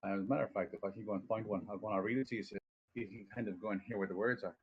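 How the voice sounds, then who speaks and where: A man's voice: fairly low pitch, steady tone, racing, lo-fi sound, a little hiss or hum. A man casually teaching voice acting on a stream, rambling, swearing freely and poking fun at himself. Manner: rambling, profane, self-deprecating.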